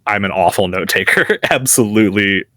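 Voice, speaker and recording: A man's voice: fairly low pitch, a little fast, sharp tone, no room sound. A man and game master, chatting as a guest in an interview, easygoing and chuckling at himself. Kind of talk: casual interview.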